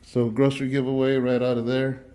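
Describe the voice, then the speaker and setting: A man's voice: mid-range voice, little pitch movement, brisk, dark tone. A man out of breath from walking, eagerly touring an empty church building and talking straight to viewers. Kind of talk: casual walkthrough vlog.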